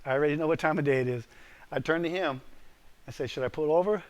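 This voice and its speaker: A man's voice: fairly high pitch, fast. A man preaching to a live group as pastor, telling a story with lots of animation, quizzing his listeners and punching out the key lines.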